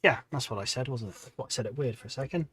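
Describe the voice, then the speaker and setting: A man's voice: mid-range voice, fast, slightly rough, dry recording. A man hosting a hobby livestream, chatting casually and rambling between tasks while he paints miniatures at home. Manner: relaxed rambling, talks to chat viewers between tasks.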